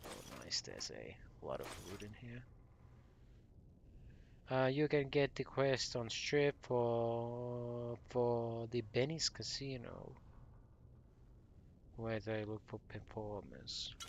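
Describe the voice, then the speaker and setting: A man's voice: medium pitch, expressive, takes it slowly, vocal fry, long pauses, a little hiss or hum. Rambling man narrating his gameplay. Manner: rambling, corrects himself often. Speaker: gaming channel host. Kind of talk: casual let's play commentary.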